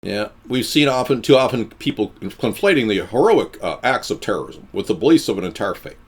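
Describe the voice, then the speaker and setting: Man, live stream host, sarcastic, ranting, very animated pitch. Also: a little fast, breathy edge. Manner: swoops between high and low voices. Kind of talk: live stream chat with viewers.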